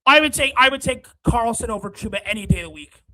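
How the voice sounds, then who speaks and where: A livestream host ranting through casual hockey chat, exasperated, apologizing to viewers, then breaking into shouting. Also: medium pitch, lively intonation, low-quality recording. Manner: quick, run-on talk with apologies to viewers.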